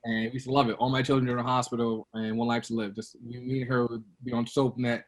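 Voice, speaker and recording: Brooklyn guy in his 30s, middle pitch, chatty interview guest, acts out his own stories. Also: fast talker. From Brooklyn, New York. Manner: animated storyteller, acts out quotes with a raised voice. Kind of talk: casual interview storytelling.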